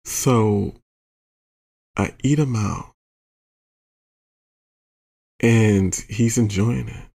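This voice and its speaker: A man's voice: lowish voice, extremely slow, gravelly, long pauses, dark tone, husky. A man hosting a podcast, telling a profane, exasperated story with lots of acted-out quotes. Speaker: podcast host. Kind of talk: explicit comedic storytelling monologue.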